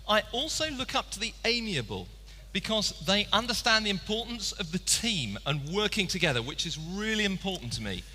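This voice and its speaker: A man's voice: high-pitched, sing-song, moderate pace, few pauses, sharp tone, heavily acted. A man playing a brash, impatient office worker who dismisses detail, in a role-play on stage. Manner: dismissive, gushing about speed. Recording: reverberant hall, faint noise.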